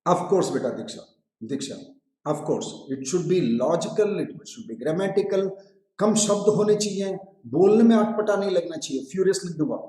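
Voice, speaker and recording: A man's voice: sits high, animated, very fast, mellow. A man with an Indian English accent teaching a live online English lesson, explaining patiently, repeating phrases, asking students questions and slipping into Hindi. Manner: addresses students directly with questions. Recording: echoey room.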